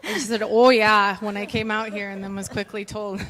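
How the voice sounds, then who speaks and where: A woman's voice: mid-range voice, fairly even intonation, brisk, a bit bright. Midwest woman moderating a panel, friendly, stumbles a bit, hall echo. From American Midwest. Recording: long hall reverb.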